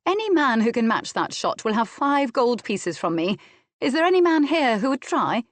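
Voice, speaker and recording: Jasmine, a woman reading as a sharp-tongued young noblewoman. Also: a little high, big pitch swings, moderate pace, no room sound, voice pushed up. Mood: scathing. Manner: scathing, then airy and teasing.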